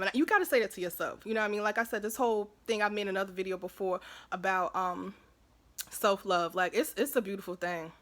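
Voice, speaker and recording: A woman talking casually to camera as a vlogger, chatty and warm-hearted in her asides, often asking "you know what I'm saying". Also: mid-range voice, fast.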